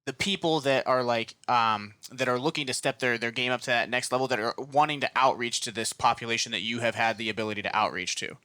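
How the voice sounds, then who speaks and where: A male podcast co-host with a bright, forceful voice asks a guest a long, rambling question. He keeps checking in with "right?" as he goes. The recording is dry and close. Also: mid-range voice, fast talker, hardly any pauses, no echo. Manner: rambling, fills with "right?" and "kind of". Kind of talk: casual interview questions.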